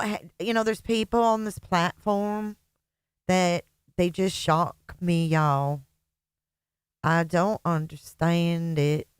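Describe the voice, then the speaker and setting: A woman hosts a livestream, reading out and thanking viewers in a casual, mocking tone. Her voice sits a little low and she laughs often. The sound is dry and close. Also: clear, resonant tone, no echo. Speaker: livestream host.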